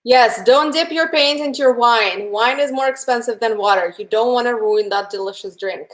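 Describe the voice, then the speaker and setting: A young woman with a Russian accent leads a live painting tutorial, her voice sitting a little high. She walks viewers through each step in a chatty, friendly way. She speaks to them directly and answers their chat messages as she goes. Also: normal speed. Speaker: painting instructor. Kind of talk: live-streamed painting lesson.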